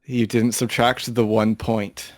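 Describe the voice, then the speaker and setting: Brief: male co-host, unhurried and hesitant, dry close mic. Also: fairly low pitch, flat delivery, no echo. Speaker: co-host, scorekeeper. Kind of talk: casual gaming chat.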